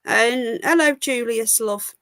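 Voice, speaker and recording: A woman's voice: a little high, takes it slowly, fairly bright tone, clean tone, dry recording. A woman from England hosting a live call-in stream, chatting casually and greeting viewers as she gossips. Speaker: live call-in show host.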